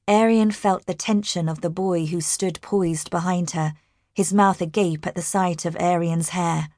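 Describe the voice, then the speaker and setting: A woman narrator reading a fantasy novel aloud in a measured, even storytelling manner. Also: on the low side, no echo, clean studio sound. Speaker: audiobook narrator. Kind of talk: scripted narration.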